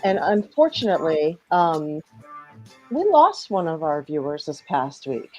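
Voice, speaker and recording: A woman's voice: low-pitched, very animated, a little slow, soft background music, poor audio. A woman hosting a casual livestream, greeting viewers by name in a friendly way. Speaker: host.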